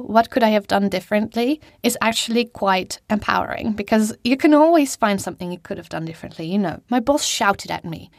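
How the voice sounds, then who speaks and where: A woman's voice: a little high, dry recording, clean studio sound. A young woman hosting a solo podcast from a small cupboard at home, talking casually and teasing herself. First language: German. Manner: casual, self-mocking, laughs at herself. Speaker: podcast host. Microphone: studio microphone.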